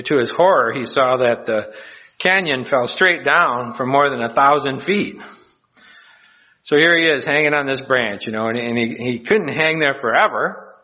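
A man preaching a sermon in a chatty, halting way, telling a joke and drawing a lesson. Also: mid-range voice, bright, forceful tone. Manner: chatty, halting, with many restarts. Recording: dull lo-fi recording.

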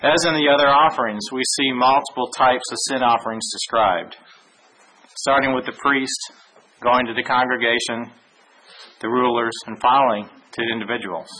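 A man giving a Bible lesson, reading verses aloud in a measured way with small restarts. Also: mid-range voice, steady tone, pushed and bright, slight background noise, rough recording. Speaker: Bible teacher. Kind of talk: sermon with scripture reading.

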